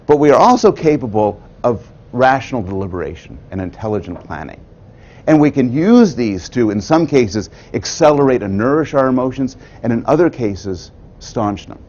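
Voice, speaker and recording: A man delivers a thoughtful prepared talk, his pitch rising and falling in lively swings. He drops in dry, wry asides along the way. The recording sounds a little dull and lo-fi. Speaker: public lecturer.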